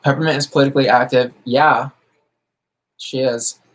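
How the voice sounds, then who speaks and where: A campy, sassy man talks casually on a livestream, firing back answers to his viewers in drag slang. He is from the United States and keeps chatting while he does his makeup. His voice sits at a middling pitch for a man. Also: fairly even intonation, moderate pace. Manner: doing makeup while talking. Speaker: drag queen streamer answering viewer questions.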